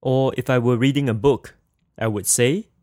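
A man's voice: mid-range voice, steady tone, normal speed, dark tone, no echo, clean studio sound. A man teaching a language lesson in a careful scripted manner, saying each example phrase twice for practice.

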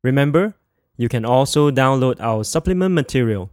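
A man hosting a podcast language lesson, modeling sounds slowly and clearly for listeners to repeat. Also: medium pitch, expressive, a little mellow, no room sound, clean studio sound. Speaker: language teacher and podcast host.

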